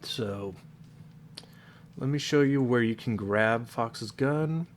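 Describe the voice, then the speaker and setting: A man's voice: mid-range voice, takes it slowly, slight background noise. A man with a stuffed-up, congested nose, casually walking viewers through a modding tutorial, explaining loosely with fillers and self-corrections. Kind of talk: casual screen-recorded tutorial.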